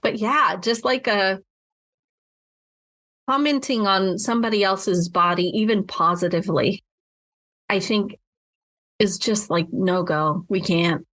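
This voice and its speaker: A woman's voice: mid-range voice, a little slow, pauses often, a bit bright, dry recording. Reflective woman podcast host, dry sound. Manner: reflective, with frequent restarts and fillers. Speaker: podcast co-host and mental health clinician. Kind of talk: casual podcast chat.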